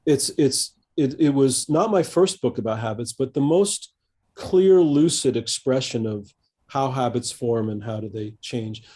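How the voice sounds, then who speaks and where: Man, 50s, mellow warm voice, coach, podcast interview, thoughtful, halting, many restarts. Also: mid-range voice, slightly rough. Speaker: executive coach, guest.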